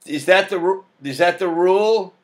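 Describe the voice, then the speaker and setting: A man's voice: high-pitched, moderate pace. A young adult man telling a rambling story in a casual vlog, full of fillers and laughs. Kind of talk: rambling personal vlog monologue.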